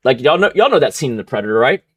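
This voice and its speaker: Animated, foul-mouthed young male streamer. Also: medium pitch, racing, breathy edge, no room sound, lo-fi sound. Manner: animated, profane, acts out quoted voices. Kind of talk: casual storytelling on a live stream.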